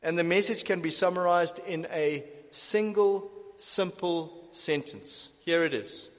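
A man preaching a sermon, emphatic and deliberate, repeating key phrases for stress. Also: on the high side, long reverb tail.

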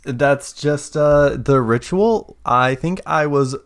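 A man's voice: a little high, slow. Hesitant man running a tabletop game. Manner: hesitant, filler-heavy. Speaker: game master.

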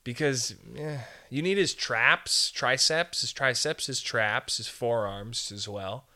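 A man's voice: mid-range voice, takes it slowly, pushed and bright. A young man hosting a podcast, rambling through a jokey casual monologue and slipping into put-on voices now and then. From Canada. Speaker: podcast host.

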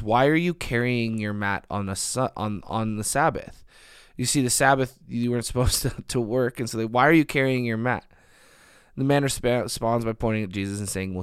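A man's voice: mid-range voice, smooth, dry recording, clean studio sound. A young man preaching a sermon, earnest and emphatic, building on repeated phrases.

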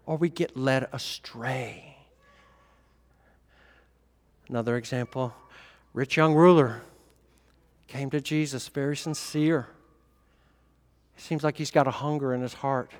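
A male pastor giving a sermon, animated, moving between quiet remarks and emphatic bursts. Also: a little high, measured pace. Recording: echoey hall reverb.

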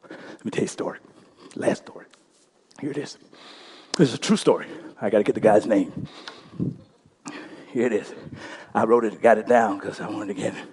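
A male pastor telling a story during a sermon, impassioned, swinging between loud bursts and hushed passages. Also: fairly low pitch, moderate pace, long pauses, husky.

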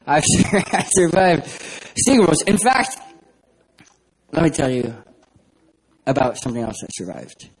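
A man from San Diego preaches at a church, turning a story into a self-deprecating joke. His voice sits high for a man and has a husky, breathy grain. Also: very animated, a little slow, pauses often, rough recording. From San Diego, California. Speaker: guest preacher. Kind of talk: humorous sermon storytelling.

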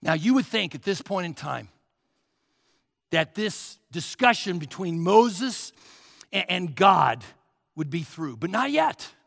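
A man's voice: high voice, big pitch swings, slow, vocal fry, long pauses, fairly bright tone, long reverb tail. A man preaching a sermon as pastor, emphatic and urging his listeners to write points down.

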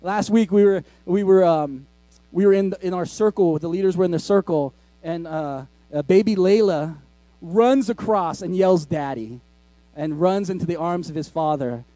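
A man's voice: high-pitched, normal speed, warm tone, no room sound. A man, a pastor, preaching a sermon in a conversational, joking way with laughing asides, in a school cafetorium used as a church.

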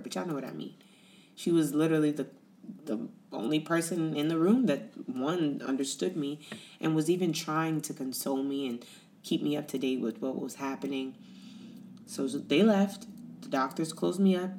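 A woman's voice: deep voice, normal speed, a little mellow. A woman podcast host telling a personal story in a candid, conversational way, often calling her listeners "y'all.".

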